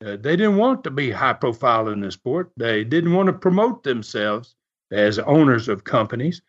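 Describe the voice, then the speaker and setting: A man's voice: medium pitch, very animated, normal speed. An older man hosts his own show and rambles through a long story, stopping and restarting often. His voice sits in a middle range. The recording sounds dull and lo-fi. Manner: rambling, full of fillers and restarts. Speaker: podcast host. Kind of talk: casual storytelling monologue.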